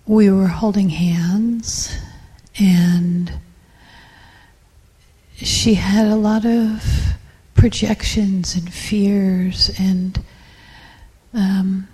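A woman telling a personal story to a group in a slow, near-whispered, reflective way. Her voice is dark and mellow. The sound carries the long echo of a hall. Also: medium pitch, fairly even intonation, slightly rough. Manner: soft, hushed, reflective, with pauses. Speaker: group participant sharing a story.

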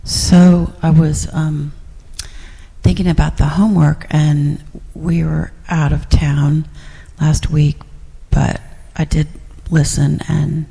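Rambling middle-aged woman, husky and gravelly. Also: low-pitched, little pitch movement, slow pace, mellow, in a large hall. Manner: rambling, full of fillers and restarts, laughs often. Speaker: class participant. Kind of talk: sharing reflections in a group class.

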